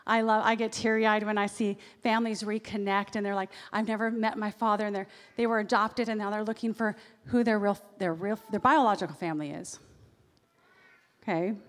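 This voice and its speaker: A woman's voice: medium pitch, fairly even intonation, fairly quick. Woman preaching in a reverberant hall. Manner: conversational preaching with personal asides. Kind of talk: sermon. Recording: long reverb of a large hall.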